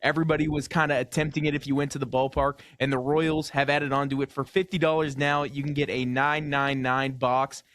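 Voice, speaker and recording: A man's voice: medium pitch, little pitch movement, brisk, few pauses, fairly bright tone. A man co-hosting a radio sports talk show, bringing prepared topics and asking questions with a careful, hedging manner. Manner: prepared, asks questions, hedges with "I think".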